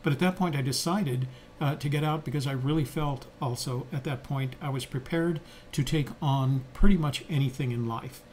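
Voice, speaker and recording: At a normal speed, an older man with a mid-range, darkish voice co-hosts a podcast, with a faint hiss or hum present. He shares reflective stories conversationally, with many fillers and restarts.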